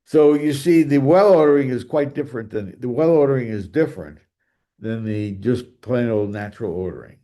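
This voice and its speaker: A man's voice: mid-range voice, moderate pace, dark tone. A man giving a math lecture, thinking aloud with fillers and restarts and drifting away from the mic now and then.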